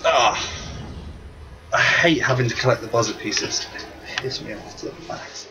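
A man giving casual let's-play commentary over a video game, excitable and joking, swearing casually. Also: medium pitch, moderate pace, distant mic. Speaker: gameplay commentator. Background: game music.

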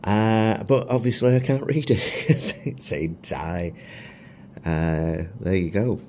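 Middle-aged man, casual food vlogger, chatty and self-deprecating, lowish pitch. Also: fairly even intonation, slow, darkish tone, slight background noise. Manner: chatty and self-mocking, with chuckles. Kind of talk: casual food review vlog.

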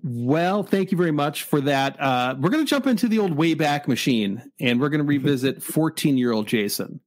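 A comic shop owner from Michigan, in his forties, telling a story in a casual, animated way and acting out both sides of the exchange. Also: a little high, moderate pace, no echo.

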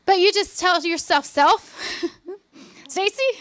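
A woman pastor preaching a revival sermon, with fervent, repeated declarations that drop into soft, conversational asides. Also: very high-pitched, animated, unhurried, creaky, dry recording.

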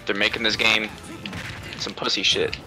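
A man's voice: lowish voice, flat delivery, moderate pace. A young man playing a game with friends, reacting with disbelief, laughter and swearing. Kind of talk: live gameplay banter with friends. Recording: loud game music behind.

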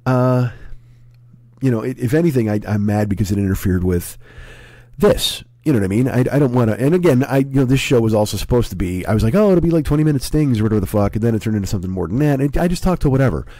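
A man in his forties with a hoarse, sick voice, rambling and swearing through a casual podcast monologue at home. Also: mid-range voice, animated, quick pace, dark tone, no echo. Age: 40s. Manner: profane, rambling, self-deprecating. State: hoarse, sick with a sore throat. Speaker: comedy podcast host.

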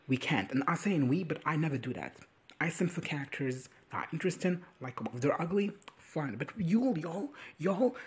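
A young man giving a crude, sassy comedic recap of a TV episode, acting out the characters in quick impressions. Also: a little high, slightly rough. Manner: crude, sassy running commentary with voiced impressions. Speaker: reaction video commentator.

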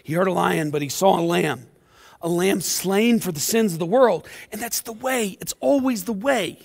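A male pastor preaching an impassioned sermon in a church, swinging between loud passages and hushed ones. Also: sits high, normal speed, gravelly, in a large hall. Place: church sanctuary.

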